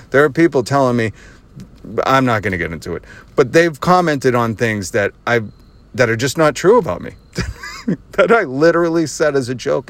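A man hosting his own podcast, telling a casual story with a lot of sarcasm and frequent laughter, recorded while driving. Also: mid-range voice. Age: adult with children. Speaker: podcast host. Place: driving in a car.

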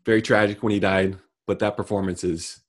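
A middle-aged man co-hosting a casual comedic chat, delivering deadpan mock rants. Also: lowish voice, brisk. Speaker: podcast co-host.

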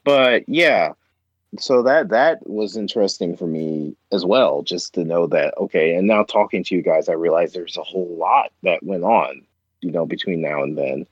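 A man's voice: deep voice, moderate pace, breathy edge, no echo, muffled recording. A man in a casual chat, rambling with many restarts and fillers, as a podcast co-host.

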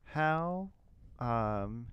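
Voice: medium pitch, expressive, extremely slow, fairly bright tone, smooth, no echo, highs cut off. A friend in casual chat, answering briefly and teasing a little.

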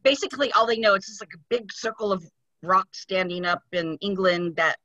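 A woman's voice: medium pitch, fairly even intonation, a little fast, bright, forceful tone, no room sound. A woman from the United States in a casual podcast chat, reacting emphatically. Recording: dull lo-fi recording.

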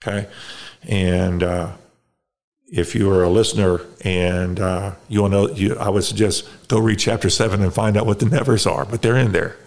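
A middle-aged man telling his recovery story as a podcast guest, halting and reflective, with many restarts. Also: on the low side, steady tone, gravelly, darkish tone. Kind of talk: casual conversation.

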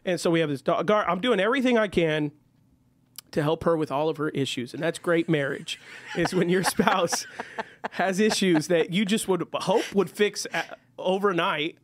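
Young guy w a high voice, podcast cohost, animated storytelling, laughs a lot. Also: moderate pace. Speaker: podcast co-host. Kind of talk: casual chat.

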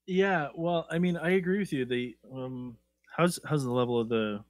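A man's voice: on the high side, normal speed, dry recording. A man co-hosting a casual podcast, talking in a conversational way and often checking in with "right?". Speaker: podcast co-host.

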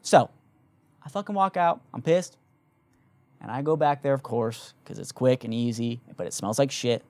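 A young man in casual chat, telling a story with lively energy and plenty of swearing. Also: mid-range voice, normal speed, no echo. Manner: animated storytelling, swears freely.

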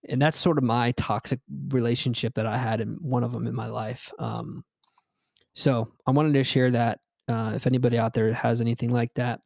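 A man's voice: medium pitch, steady tone, brisk, vocal fry, a little mellow, no echo. A young man, hosting a podcast and telling a rambling, profane personal story with lots of fillers and restarts. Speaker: podcast host. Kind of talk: casual storytelling chat.

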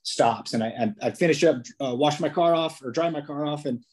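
A man's voice: fairly high pitch, a little fast, a little mellow, a little hiss or hum. A police officer, a man, chatting as a podcast guest, telling stories casually with many restarts and fillers. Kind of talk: casual interview storytelling.

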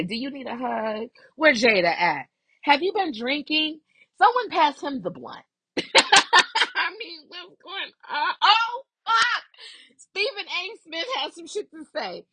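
Animated, cussing woman podcast host. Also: a little high, vocal fry, husky, no room sound. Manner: animated, profane, laughing often. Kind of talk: casual gossip commentary.

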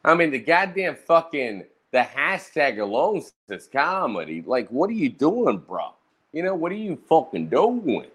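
Brash man, crude streamer storyteller, pitch swinging high and low. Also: a little slow, breathy edge. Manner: profane, animated, brash roasting talk. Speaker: streamer recounting roast battles. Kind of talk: casual storytelling monologue.

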